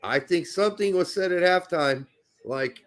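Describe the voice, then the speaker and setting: An excitable man co-hosts a live soccer watch-along, swearing freely and swinging into shouts. His voice sits high and swoops around a lot, with a gravelly fry at the ends of phrases. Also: normal speed. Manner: excitable, profane, bursts into shouting over goals. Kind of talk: casual live match watch-along chat.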